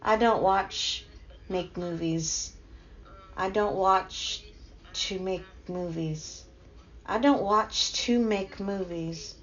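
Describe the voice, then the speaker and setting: A middle-aged woman hosting a casual live stream, chatty and quick to laugh as she talks to her chat. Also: mid-range voice. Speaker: livestream host. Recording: dull lo-fi stream audio.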